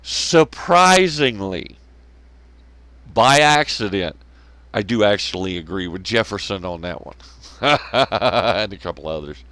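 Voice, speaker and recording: Brief: man, profane solo commentary, lively swooping pitch, dry close sound. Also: slow pace, dry recording. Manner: rambling, swears a lot, laughs at his own jokes, mocking voices. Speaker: podcast host.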